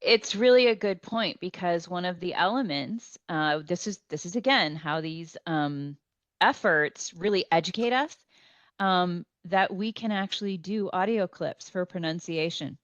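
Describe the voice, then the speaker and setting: A woman's voice: fairly low pitch, measured pace, a bit bright, no echo, highs cut off. A woman speaking on a panel over a video call from home, hesitant with many ums and restarts. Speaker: panelist on a remote link. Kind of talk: panel discussion.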